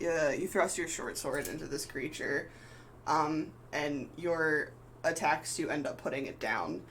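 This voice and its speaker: A man's voice: on the high side, unhurried, fairly bright tone, slight background noise, rough recording. Filler-heavy man narrating a tabletop game. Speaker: game master.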